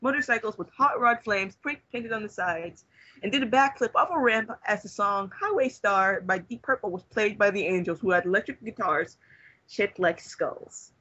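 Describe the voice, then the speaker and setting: A young man reading fanfiction aloud to friends in a deadpan manner, trying not to laugh. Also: high voice, normal speed, no room sound, dull audio. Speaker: reader among friends.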